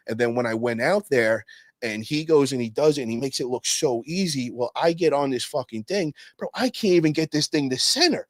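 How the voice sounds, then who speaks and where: A man in casual podcast chat, swearing freely and calling everyone bro. His voice sits in a middle register but leaps high when he acts out what others said. The sound is dry and close. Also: brisk, dry recording. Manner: profane, animated, peppers speech with "bro". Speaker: guest telling stories.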